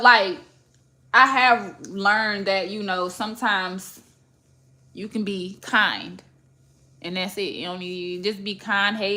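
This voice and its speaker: A young woman, a podcast host talking in blunt, profane, animated casual chat. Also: medium pitch.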